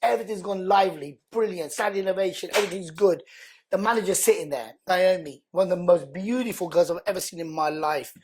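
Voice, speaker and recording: A man, a podcast guest telling personal stories in an animated way and acting out what other people said. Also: high voice, brisk, noisy background. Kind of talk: emotional storytelling in conversation.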